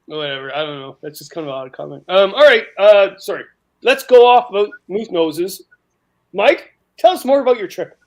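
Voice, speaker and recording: Guy on a panel chat rambling thru winter trip stories, higher voice, lots of restarts. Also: expressive, moderate pace, low-quality recording. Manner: rambling storyteller, many restarts. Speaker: outdoors panelist.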